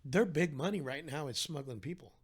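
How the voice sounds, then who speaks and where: A man's voice: on the high side, lively intonation, fairly quick, breathy edge. A man talking as a podcast guest, telling his story in an earnest, heartfelt way with frequent restarts. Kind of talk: candid conversational storytelling.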